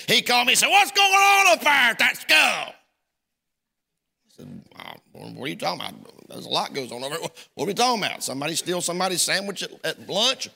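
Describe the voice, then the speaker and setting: A male pastor preaches with a high, animated voice that swings up and down as he tells a folksy story and plays both sides of a conversation. His tone is bright and forceful, and the sound rings in a long church reverb. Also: gravelly. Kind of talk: sermon. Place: church sanctuary.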